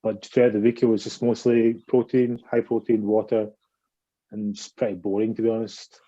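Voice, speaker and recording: A man with a lowish, very mellow voice answers questions plainly, with some hesitation. The audio sounds dull and lo-fi. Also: flat delivery, normal speed. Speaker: cricketer, guest. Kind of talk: casual interview answers.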